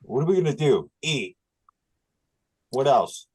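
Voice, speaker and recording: A man co-hosting a casual podcast, his pitch swinging wildly from low to high. He talks in an animated way and leans on "like" and other fillers. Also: a little slow, breathy edge, low-quality recording. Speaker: podcast co-host. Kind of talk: casual chat.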